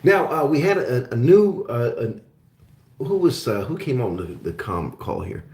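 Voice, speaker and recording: A man's voice: medium pitch, very animated, unhurried, darkish tone, reverberant. A man from Germany hosting a casual live-stream chat with viewers, friendly and rambling, with many fillers and restarts. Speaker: show host.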